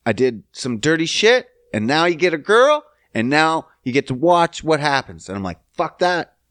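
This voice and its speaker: A man in his thirties hosting a podcast, ranting casually and cursing as he swings between loud outbursts and low mutters. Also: very animated, normal speed, dry recording, clean studio sound. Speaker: podcast host.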